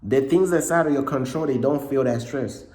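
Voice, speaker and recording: A man giving a casual motivational talk, repeating himself often, with a slightly cracking voice and frequent throat clearing. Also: medium pitch, moderate pace, a little mellow, reverberant. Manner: repetitive, conversational, frequent "bruh" and "you know what I'm saying". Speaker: motivational speaker.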